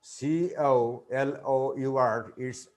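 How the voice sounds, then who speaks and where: A man with a Bangladeshi English accent answers webinar questions over a video call. His voice sits at an ordinary middle pitch, and his explanations come in patient, reassuring pieces with frequent restarts. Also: steady tone, slow. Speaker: webinar presenter, English teaching expert.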